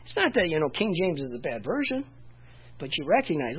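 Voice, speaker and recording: A man's voice: on the high side, sing-song, brisk, husky, muffled recording. A man preaching a sermon in a conversational way, often saying "you know" and restarting his phrases. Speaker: pastor.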